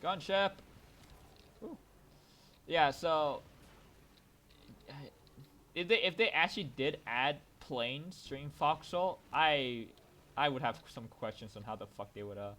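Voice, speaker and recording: A young man co-hosts a podcast while gaming, chatting casually, rambling and swearing, with loud bursts when he rants. His voice is medium-pitched and unhurried, and he pauses often and restarts a lot.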